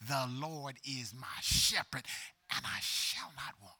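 A man preaching a sermon as pastor, dropping to whispers and building to loud climaxes. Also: mid-range voice, measured pace.

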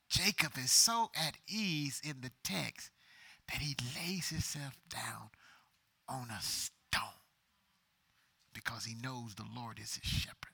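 A man preaching a sermon as pastor, dropping to whispers and building to loud climaxes. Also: mid-range voice, takes it slowly, gravelly, breathy edge.

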